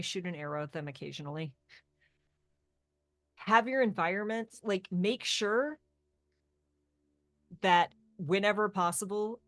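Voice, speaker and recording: Woman, guest, casual tabletop game talk, enthusiastic, middle pitch. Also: a bit bright. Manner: enthusiastic, gushes about her character.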